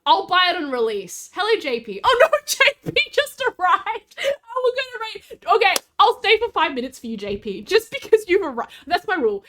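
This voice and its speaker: A woman's voice: high voice, a bit bright. A woman streamer, chatting casually and bubbly with her chat. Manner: bubbly, giggly, talks to chat.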